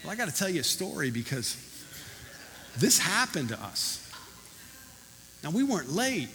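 A man preaching a sermon as pastor, animated and emphatic, recorded in a church hall. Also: on the high side, moderate pace.

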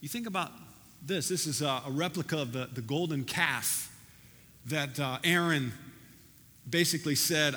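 High bright-voiced pastor in a reverberant hall. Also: male voice, normal speed, pauses often. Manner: conversational and animated, with many restarts. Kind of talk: sermon. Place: church sanctuary.

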